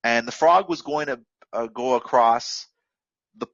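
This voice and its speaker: A man's voice: mid-range voice, measured pace, a bit bright, no room sound, lo-fi sound. Rambling man coaching traders. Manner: rambling, direct, lots of fillers and restarts. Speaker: trading coach. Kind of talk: unscripted motivational lesson.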